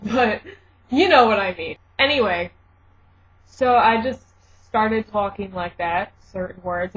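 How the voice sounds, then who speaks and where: A woman's voice: on the low side, a bit bright, slightly rough. A young woman from Michigan with a mixed Midwestern and South Jersey accent, chatting casually in a vlog, rambling with fillers and self-corrections, then reading a word list. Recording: dull lo-fi home video audio.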